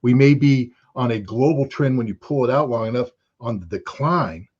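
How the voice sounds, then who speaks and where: A man's voice: medium pitch, moderate pace, darkish tone, dull audio. An American man speaking as a guest on a livestream interview, emphatic and lecturing, repeating points for force. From United States. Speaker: guest commentator.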